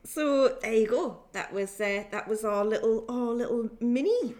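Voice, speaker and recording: A woman's voice: on the high side, lively intonation, normal speed, darkish tone. A young woman co-hosting a casual chat podcast, swearing freely, laughing often and reading out listener stories. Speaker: podcast co-host.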